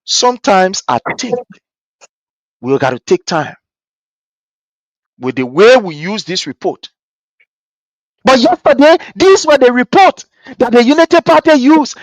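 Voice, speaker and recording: A man with a Liberian English accent delivers impassioned political commentary in a very high voice. He talks in an animated, repetitive way, often mimicking the people he quotes. The recording is dry and close. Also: moderate pace, long pauses, no echo. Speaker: host of a political commentary show.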